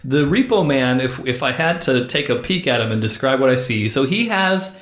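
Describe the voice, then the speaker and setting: Podcast host man, lively laughing delivery, echoey room. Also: medium pitch, normal speed. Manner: animated, laughs often, explains wrestlers to his friend. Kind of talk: casual chat.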